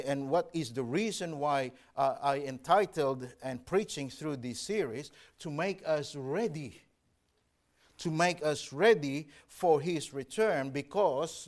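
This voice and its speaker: A man preaching a sermon, earnest and emphatic, reading scripture aloud and stressing his warnings. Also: a little high. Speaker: pastor.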